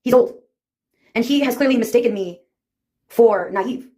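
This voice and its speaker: A woman's voice: fairly high pitch, normal speed, mellow. A woman in her fifties telling stories in a casual monologue, wry and sarcastic, laughing at her own anecdotes. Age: 50s. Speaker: vlogger.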